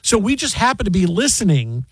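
A man hosting a casual sports talk show, playful and rambling, quick to joke. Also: high-pitched, big pitch swings, slightly rough, no room sound. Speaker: radio show host.

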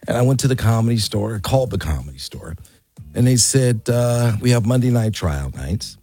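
A man in his sixties, an interview guest, telling an animated story and acting out the quotes. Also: mid-range voice, normal speed, breathy edge, no room sound, faint music behind. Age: 60s.

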